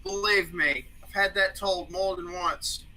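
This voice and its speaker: A man guest on a podcast, talking in a rambling, profane, excitable way. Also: high-pitched, unhurried, rough recording. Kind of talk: casual podcast discussion.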